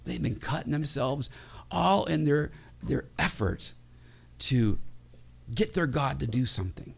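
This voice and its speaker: A pastor preaching a sermon in a conversational, humorous way, with many restarts. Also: male voice, mid-range voice, expressive, a little slow, creaky, husky.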